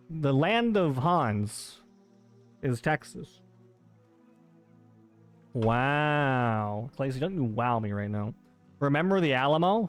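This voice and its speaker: Playful man teasing his stream chat. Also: medium pitch. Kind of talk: live game stream chat.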